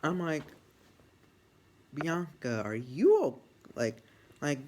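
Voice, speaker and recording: A man giving a casual, rambling wrestling review, getting excited and swearing freely, often restarting his sentences. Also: a little high, slow, pauses often, slight background noise.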